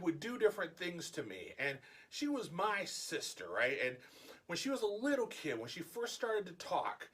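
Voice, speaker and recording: A man vlogging a casual personal story, animated and acting out the dialogue. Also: a little high, husky.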